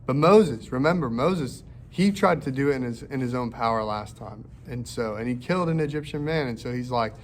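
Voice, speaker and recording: A man teaching a children's Bible lesson in a lively way, acting out the voices in the story for young listeners. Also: mid-range voice, brisk, few pauses, a little hiss or hum. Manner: animated, acts out quoted voices for kids.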